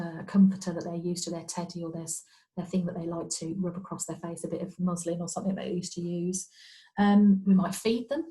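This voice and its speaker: A woman's voice: lowish voice, low-quality recording. A woman, a speech and language therapist, giving a training talk over a video call in a chatty, explaining way. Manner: warm conversational explaining, many fillers and repetitions. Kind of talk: online training presentation.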